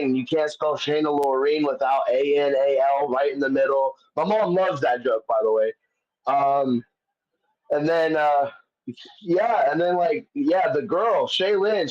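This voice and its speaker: A man, a comedian guest, telling stories in casual chat, swearing often and rambling with many fillers. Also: on the high side. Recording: dull lo-fi audio.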